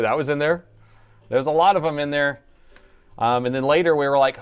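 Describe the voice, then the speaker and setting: A man's voice: a little high, fast talker, clear, resonant tone. A middle-aged man live-streaming a laptop repair, chatting loosely and joking with viewers as he works. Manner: jokey, reads chat aloud, chatty asides. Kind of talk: casual live-stream chat while working.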